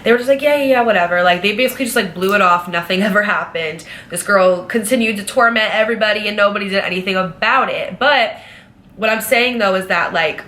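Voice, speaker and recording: A young woman vlogger telling a casual storytime, chatty and animated, full of fillers. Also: mid-range voice, fairly quick.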